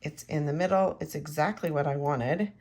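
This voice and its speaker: Woman, craft tutorial, chatty, hushed at times, husky fry, lowish voice. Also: moderate pace. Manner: chatty, talks straight to the viewer, often drops to a near-whisper while working. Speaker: craft demonstrator.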